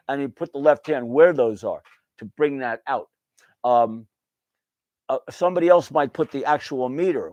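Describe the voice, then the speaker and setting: A man's voice: medium pitch, a little fast. A male piano teacher giving a casual lesson, calling notes "guys" in a folksy way and singing the rhythms aloud with syllables.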